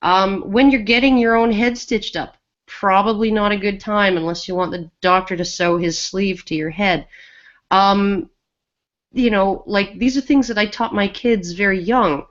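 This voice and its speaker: A woman's voice: medium pitch, measured pace, dull audio. A woman co-hosting a casual podcast chat, talking loosely with many restarts and fillers. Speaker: podcast co-host.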